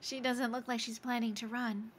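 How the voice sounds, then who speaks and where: A woman's voice: fairly high pitch, flat delivery, moderate pace, slight background noise, lightly acted. A woman reading the lines of a thoughtful, observant adult protagonist in a game, in a musing tone. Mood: curious. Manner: musing, reads lines aloud. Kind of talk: reading game dialogue on a stream.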